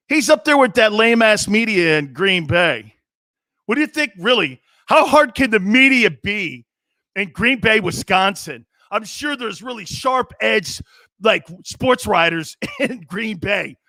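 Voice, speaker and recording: A man's voice: high voice, sing-song, measured pace, bright, forceful tone, no echo, clean studio sound. A middle-aged man hosting a sports talk show, ranting with sarcasm and mocking asides. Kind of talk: opinionated sports commentary.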